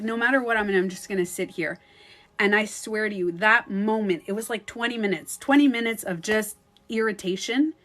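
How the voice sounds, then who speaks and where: A woman telling a story on a livestream in a casual, animated way, swearing now and then and acting out her own thoughts with lots of fillers. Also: mid-range voice. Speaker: beauty coach livestreaming to followers.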